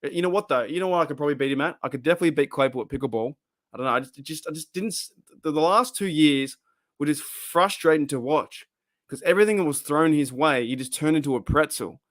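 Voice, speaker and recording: A man's voice: on the high side, fast talker, fairly bright tone, dry recording, studio quality. A man with an Australian accent hosting a fan live stream, chatting casually, laughing often and trailing off into restarts. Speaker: fan channel host.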